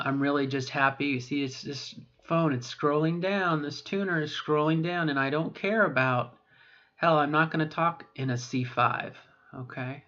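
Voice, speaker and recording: A middle-aged trans woman vlogger talks in her deep, slightly bright natural voice for voice training. Her rambling self-talk is hesitant and full of self-corrections, and the recording is dull and lo-fi.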